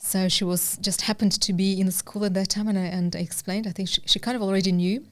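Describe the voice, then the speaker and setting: A woman's voice: mid-range voice, fairly even intonation, fast talker. A middle-aged woman from Uzbekistan, a guest telling a personal story in an interview, earnest and hesitant with many fillers.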